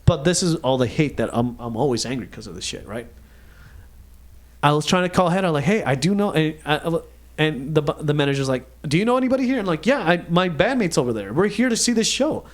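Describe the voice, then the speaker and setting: A man's voice: fairly high pitch, brisk. A man co-hosting a casual podcast, telling a story with lots of swearing and acted-out quotes. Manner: animated, acts out quotes, swears a lot. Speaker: podcast co-host.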